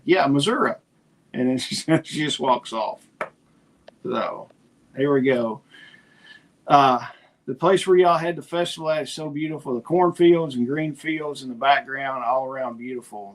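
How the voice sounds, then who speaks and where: A middle-aged man, co-hosting a podcast and retelling conversations in casual chat. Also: medium pitch. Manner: storytelling, animated retelling of conversations. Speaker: podcast co-host.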